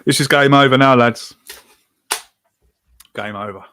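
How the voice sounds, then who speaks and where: A man's voice: medium pitch, a little slow, sharp tone, slight background noise. Give me an exasperated man reacting live to a match and reading fan comments aloud. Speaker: podcast host streaming a match watch-along.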